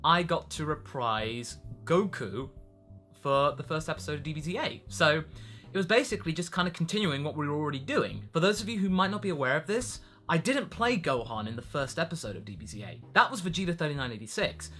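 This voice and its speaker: A British man answering fan questions in a casual vlog. His delivery is lively and animated, with a bright, forceful tone, and he pokes fun at himself. Faint music plays under his voice. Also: fairly high pitch, a little fast. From Britain. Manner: lively, chatty and self-mocking.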